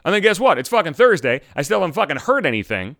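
A man's voice: fairly high pitch, very animated, fast talker, gravelly, a bit bright, no room sound. A man hosting his own podcast as a voice actor, ranting in a profane, exasperated monologue that keeps escalating, recorded on a studio podcast mic.

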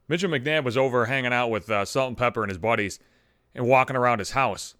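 A young man, hosting a comedic monologue, rants in exasperation and swears constantly, recorded on a studio microphone in a room at home. He talks fast in a medium-pitched, slightly bright voice, and the sound is dry and clean like a studio.

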